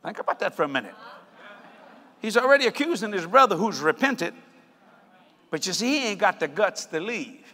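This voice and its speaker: High, bright-voiced joking preacher. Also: male voice, normal speed, pauses often, big-room sound. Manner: animated, joking, breaking into shouts. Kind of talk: sermon.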